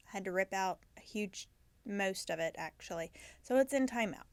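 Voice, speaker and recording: A woman's voice: mid-range voice, lively intonation, moderate pace, clean tone, no room sound. A woman hosting a knitting podcast, chatting casually about her projects and often correcting herself mid-sentence. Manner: chatty, self-correcting, drops into soft asides. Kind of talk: casual show-and-tell chat.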